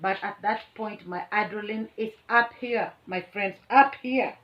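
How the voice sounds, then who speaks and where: A woman's voice: mid-range voice, fairly even intonation, normal speed, dull audio. A middle-aged Kenyan woman, a teacher, vividly tells a story to a phone camera at home. She is boastful and dramatic and laughs often. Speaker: vlogger and teacher. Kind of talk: animated storytelling.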